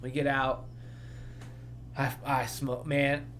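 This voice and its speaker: A man's voice: mid-range voice, level tone, slow pace, fairly bright tone. Young man from arkansas, podcast co-host, rambling profane storyteller, faint hum behind. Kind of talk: casual chat.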